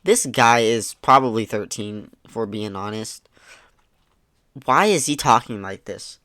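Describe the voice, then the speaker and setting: A man's voice: fairly low pitch, unhurried, bright, forceful tone, dry recording. A man giving laid-back, sarcastic commentary as he reads out online messages, swearing casually and mocking what he reads. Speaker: YouTube commentator.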